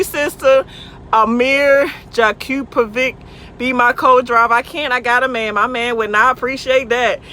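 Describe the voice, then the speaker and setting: A woman's voice: a little high, pushed and bright. Goofy, playful woman trucker. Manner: playful, goofy, talks back to viewers' comments. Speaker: truck driver. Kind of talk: casual livestream chat. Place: outdoors by a truck at night. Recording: faint outdoor vehicle noise.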